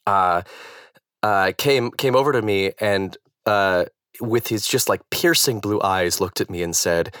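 Low-voiced man rambling through a story. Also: measured pace, a bit bright, no room sound, clean studio sound. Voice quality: naturally low voice. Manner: rambling, hesitant, many fillers and restarts. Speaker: guest, stage actor. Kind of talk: casual storytelling.

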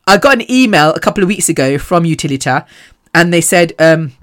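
A woman hosting a podcast, talking casually and telling animated stories with frequent laughs. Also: fairly low pitch, brisk. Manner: chatty, animated storytelling; laughs often. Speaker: podcast host. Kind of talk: casual chat.

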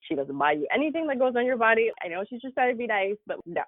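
A woman guest telling a personal story in a conversational interview, animated and laughing, with lots of casual fillers. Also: fairly high pitch, fast talker, no room sound. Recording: tinny phone-like dry remote audio.

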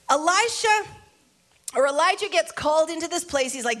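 A woman preacher reading a Bible passage aloud and breaking off into animated, conversational commentary. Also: sits high, normal speed.

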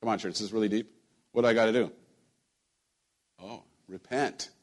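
A man preaching a sermon to his church in a relaxed, conversational way, joking with the congregation and often repeating his words. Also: lowish voice, moderate pace. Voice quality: husky. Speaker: pastor. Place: church sanctuary.

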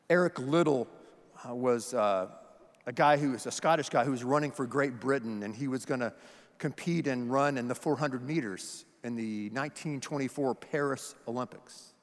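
A man's voice: medium pitch, in a large hall. A middle-aged man preaching a sermon, emphatic and conversational, firing off questions at the congregation. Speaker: pastor.

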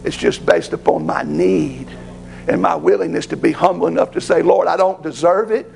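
A man's voice: on the high side, animated, normal speed, gravelly, darkish tone, slight background noise, rough recording. A man preaching a sermon as pastor, rising to fervent pleading.

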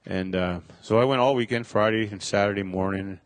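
A middle-aged man telling a personal faith testimony, halting, with many fillers and restarts. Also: fairly low pitch, no echo. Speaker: speaker sharing a testimony.

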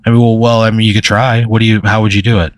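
A man's voice: fairly low pitch, little pitch movement, rapid-fire, dry recording. A man running an improvised story game as game master, rambling with many fillers and chuckles.

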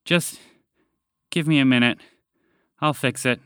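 A man voicing a kind, exhausted male magical horse who talks gently and apologetically between breaths. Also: medium pitch, unhurried, clear, resonant tone, no echo, studio quality. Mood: reassuring.

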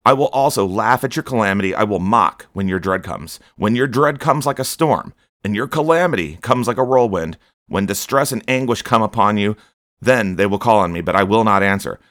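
A man's voice: lowish voice, lively intonation, a little fast, fairly bright tone, no room sound, studio quality. A man preaching a stern, scolding sermon on his podcast, rebuking his listeners.

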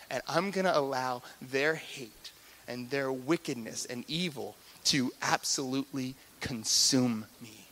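A man preaching a sermon, animated and repetitive, swinging between loud emphatic passages and hushed, soft-spoken stretches. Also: mid-range voice, a little hiss or hum.

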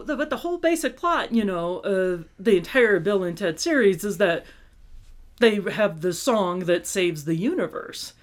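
A woman, hosting a podcast in casual chat and laughing often. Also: mid-range voice. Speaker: podcast host.

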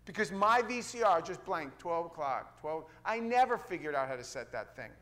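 A middle-aged man, a pastor, preaching a sermon in a folksy, playful way that swings from loud to hushed. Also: on the high side, expressive, moderate pace.

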